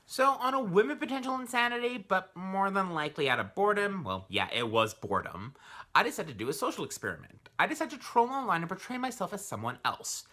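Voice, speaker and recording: A man's voice: sits high, very animated, quick pace, pushed and bright. A young man giving a sarcastic, profane video essay as a vlogger. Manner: sarcastic, swears freely.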